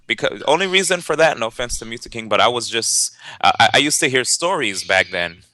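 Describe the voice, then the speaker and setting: A young man, a tournament organizer and commentator, casually telling a story in an interview, lively and laughing, with many fillers and restarts. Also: medium pitch, a little fast, no room sound.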